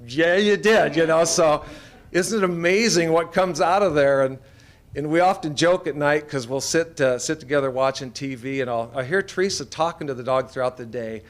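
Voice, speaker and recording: A middle-aged man from Idaho, working as a veterinarian, gives a rambling, good-humored talk to an audience. His voice sits a little high for a man. He slips into quoted voices as he spins homespun stories. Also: normal speed. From Idaho, USA. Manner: folksy, anecdotal, acts out quoted voices. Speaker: veterinarian speaker.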